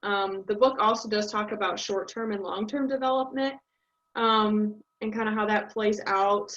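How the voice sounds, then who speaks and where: A woman's voice: medium pitch, moderate pace, a bit bright. A young woman giving a casual class presentation, thinking aloud with many ums. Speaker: student presenter. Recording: dull lo-fi audio.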